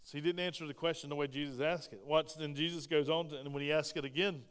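Animated male preacher in a reverberant hall. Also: on the high side, fast, clear, resonant tone. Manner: animated preaching, acts out quotes with swings in loudness. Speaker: pastor. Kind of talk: sermon.

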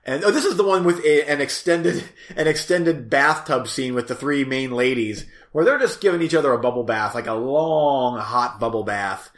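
A man hosting a casual chat about movies, rambling and halting with many fillers and self-corrections. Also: medium pitch, echoey room. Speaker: host reviewing movies.

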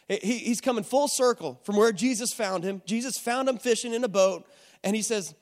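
A man's voice: high voice, brisk, big-room sound. A man preaching a sermon in a conversational way, often asking the audience questions. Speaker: pastor.

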